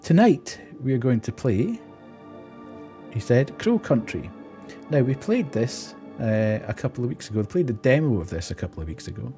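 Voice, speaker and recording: A man's voice: mid-range voice, big pitch swings, moderate pace, mellow, soft background music. A man, streaming and telling an exasperated story in casual chat while laughing often.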